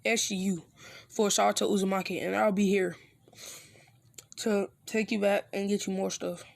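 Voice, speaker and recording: A storyteller voicing an old male ninja master who is secretive and gruff, in a low, hushed voice, in an improvised fan story. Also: level tone, normal speed, dry recording, studio quality, lightly acted. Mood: teaching.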